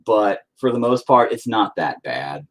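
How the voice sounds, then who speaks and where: A man's voice: lowish voice, expressive, a little slow. A man chatting casually and profanely with viewers while he paints, rambling and putting himself down. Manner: profane, rambling, self-deprecating.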